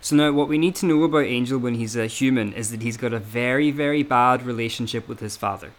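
Guy on a podcast, mid pitch, lots of ums and restarts, casual breakdown. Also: fast talker. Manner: hesitant, lots of fillers and restarts. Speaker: podcast host. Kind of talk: casual analytical chat.

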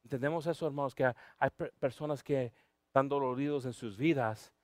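A man preaching a sermon, telling a personal story with big swings from loud shouting down to a near whisper, sometimes switching to Spanish for the congregation. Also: mid-range voice, quick pace, dry recording, clean studio sound. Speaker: pastor.

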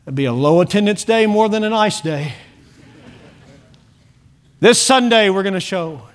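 A pastor in full sermon mode, his voice sitting notably high for a man. He drives his points home with emphatic rhetorical questions to the congregation in a church sanctuary. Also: lively intonation, a little slow.

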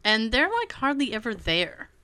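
High bright-voiced woman, animated and profane. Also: moderate pace, smooth. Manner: animated, profane, laughs often. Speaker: podcast host. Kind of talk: casual chat.

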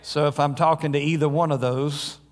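A male pastor preaching a sermon in a church, telling stories in a conversational way with frequent pauses. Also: a little high, steady tone. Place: church sanctuary. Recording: long hall reverb.

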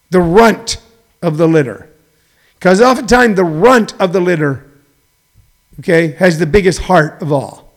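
A middle-aged man hosting a show, delivering a rambling comedic monologue that swings between loud, preachy emphasis and low muttering. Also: lively intonation, a little slow, vocal fry, long pauses. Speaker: show host.

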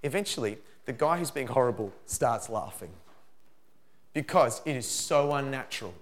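A middle-aged man giving a lively parenting seminar talk, acting out dialogue as he goes. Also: medium pitch, moderate pace. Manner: animated, acts out dialogue in put-on voices.

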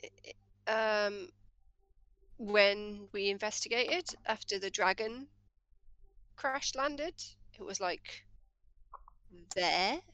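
A woman's voice: mid-range voice, slow pace, long pauses, fairly bright tone, smooth, dry recording. A woman playing a tabletop game in casual chat, speaking in her plain own voice and laughing easily. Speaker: player.

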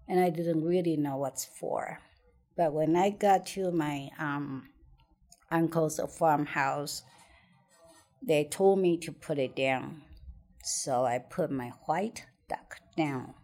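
A middle-aged woman with a lowish voice speaks slowly as she tells a story from her childhood. She hesitates, restarts her words and laughs often. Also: dark tone. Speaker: interviewee. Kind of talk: personal storytelling in conversation.

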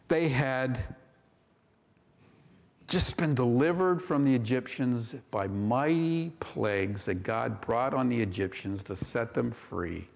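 A man delivers a sermon from the pulpit at a middle pitch, leaning into key phrases and voicing the quoted dialogue with lift. The sound carries a long reverb, as in a large church sanctuary. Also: slow pace, creaky. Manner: preaching with rising emphasis and quoted dialogue. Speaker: pastor.

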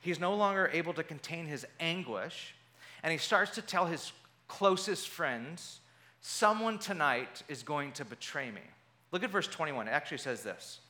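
A man preaching a sermon, retelling a scripture passage with animated storytelling and briefly acting out the voices of the people in it. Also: fairly high pitch, normal speed. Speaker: pastor.

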